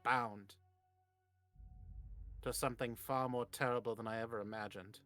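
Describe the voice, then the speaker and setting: A man voicing a brooding character who is bound to something terrible, speaking quietly. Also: medium pitch, steady tone, moderate pace, faint music behind, close to an everyday voice.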